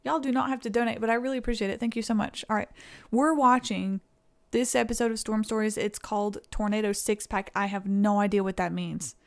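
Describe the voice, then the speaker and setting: A woman's voice: mid-range voice, fairly even intonation, fairly quick, gravelly, hardly any pauses. A young woman from East Tennessee with a Southern accent, chatting casually with viewers on a live stream and thanking them. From East Tennessee, USA.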